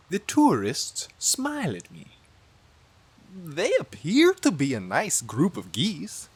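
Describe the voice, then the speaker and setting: Animated, husky woman reading a storybook. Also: lowish voice, slow. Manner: animated and playful. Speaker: storybook reader. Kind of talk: expressive read-aloud narration.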